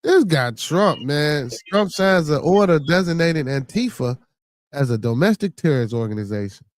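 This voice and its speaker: A man's voice: a little high, expressive, moderate pace, dry recording. A man with a Chicago accent hosting a podcast, chatting casually in a rambling, profane way and reading news stories aloud. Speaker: podcast host.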